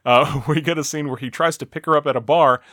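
A man's voice: a little high, fairly even intonation, quick pace, fairly bright tone, dry recording, studio quality. A man hosting a podcast, recapping a cartoon episode in a casual, conversational way with frequent restarts. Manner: conversational, stumbling restarts, laughing. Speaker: podcast host.

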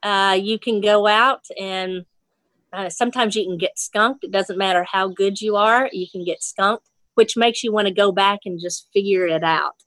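A woman's voice: mid-range voice, steady tone, normal speed, a bit bright, dry recording. A woman from Nashville, a fly fishing instructor, telling a fishing story in casual chat, laughing often and acting out the voices she quotes. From Nashville, Tennessee.

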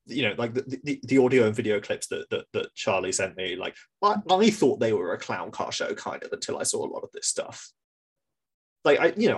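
A man's voice: lowish voice, breathy edge. A man co-hosting a podcast in casual political chat, swearing freely and stumbling over repeated words. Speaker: podcast co-host.

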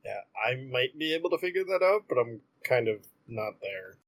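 Male tabletop player with mid pitch, wry jokes, close dry sound. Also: big pitch swings, normal speed, no room sound. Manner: wry, joking asides. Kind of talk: casual tabletop game play.

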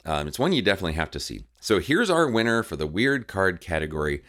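A man's voice: sits low, very animated, quick pace, a bit bright. A man hosting a story show, chatting casually with wry, self-mocking humor. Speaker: host. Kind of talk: casual, ironic podcast hosting.

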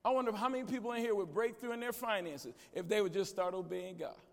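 A man preaching a conference sermon in a church, calling out to the congregation, shouting at peaks and dropping low and quiet in between. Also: fast, vocal fry. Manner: preaching with call-and-response to the congregation. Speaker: guest preacher. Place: large church sanctuary. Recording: echoey church hall.

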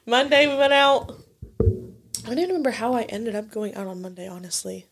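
A woman's voice: a little high, brisk, husky. Young woman rambling thru a story, lots of likes and swearing, super casual. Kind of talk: casual chat.

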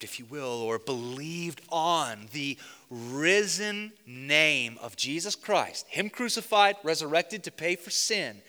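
A man preaching and praying aloud as pastor, swinging between hushed, intimate lines and fervent outbursts. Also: medium pitch. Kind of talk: sermon and closing prayer. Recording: long reverb of a large hall.

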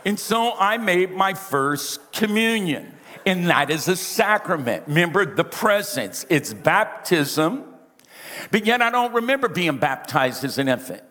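A man's voice: high-pitched, sing-song, a little slow, bright, forceful tone. A man from Louisiana preaching a folksy, self-deprecating storytelling sermon, with a big carrying voice and talk from the side of his mouth. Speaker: pastor. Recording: reverberant hall.

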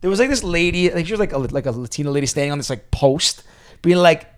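A male podcast co-host recounting a story in casual chat. His voice sits a little high, and he rambles along with plenty of fillers, sounding animated. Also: quick pace.

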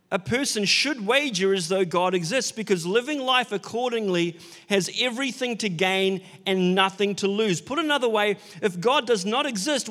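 A man's voice: high voice, fairly bright tone, big-room sound. A man preaching an Easter sermon, earnest and building to emphatic declarations, with casual asides and fillers. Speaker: pastor.

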